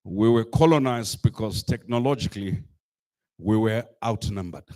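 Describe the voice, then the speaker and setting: A man giving a rousing public speech to a youth assembly, emphatic and full of rhetorical repetition, at times rising to a shout. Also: medium pitch. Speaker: speaker addressing a youth climate assembly. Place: live event stage.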